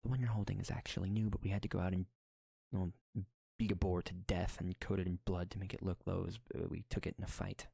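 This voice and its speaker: A man's voice: low-pitched, flat delivery, quick pace, gravelly, mellow, breathy edge, no echo, clean studio sound, pitched below the performer's own voice, heavily acted. A man voicing a chatty male shopkeeper in a tabletop game, with rambling bureaucratic patter.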